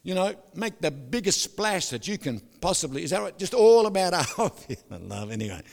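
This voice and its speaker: An older man preaches in a high voice, joking and telling stories, and now and then he bursts out loudly. His voice carries a long reverb from a big hall. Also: sing-song, normal speed, creaky. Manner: jokey, storytelling, with sudden loud outbursts. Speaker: pastor. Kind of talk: sermon.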